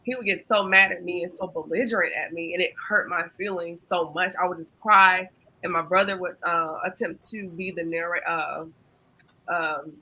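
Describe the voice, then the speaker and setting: A woman's voice: lowish voice, fairly even intonation, moderate pace, sharp tone, poor audio. A woman hosting a panel discussion, earnestly telling a personal story with frequent ums and restarts. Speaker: host and facilitator.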